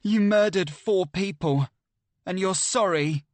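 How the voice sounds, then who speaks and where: A man's voice: medium pitch, normal speed, a bit bright, no room sound, close to an everyday voice. A male narrator voicing a clever, cold young woman who sometimes snarls in anger, in an audiobook thriller. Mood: snarling. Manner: controlled, then snarling in anger. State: slurred after a head blow.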